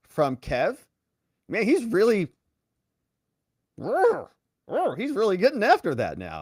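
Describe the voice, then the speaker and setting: A man's voice: on the high side, wildly swooping pitch, takes it slowly, pauses often, a little mellow, dry recording, studio quality. A man hosting a political commentary show, reacting to clips with sarcasm and mocking put-on voices.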